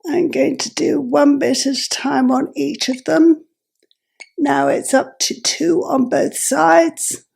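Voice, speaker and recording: Woman vlogger, unhurried delivery, very gravelly and husky voice that drops into whispers, pitched a little high. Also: fairly even intonation, darkish tone. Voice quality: croaky, gravelly, with breathy whispered breaks. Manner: slow, halting, self-correcting. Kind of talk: explaining while adjusting a device.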